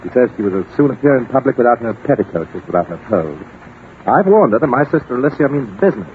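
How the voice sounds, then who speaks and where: A man's voice: medium pitch, big pitch swings, fast talker, slight background noise, close to an everyday voice. A man playing a flustered, fussy English aristocrat in a 1940s radio drama, blustering and chuckling. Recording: tinny old 1940s radio broadcast.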